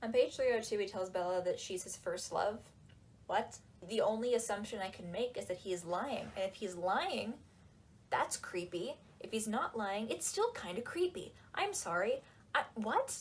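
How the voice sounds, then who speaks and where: Sarcastic, animated woman chatting casually. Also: medium pitch, normal speed, slight background noise. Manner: folding laundry while talking. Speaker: book reviewer. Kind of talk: casual chat.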